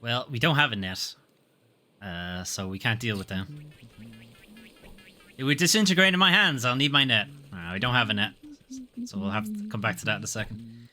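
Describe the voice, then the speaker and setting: A man's voice: medium pitch, very animated, moderate pace, long pauses, bright, forceful tone, soft background music. A man streaming a video game, offhand and casual, muttering asides as he reads item descriptions aloud. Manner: offhand, muttering asides between read-outs. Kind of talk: casual gameplay commentary, reading game text aloud.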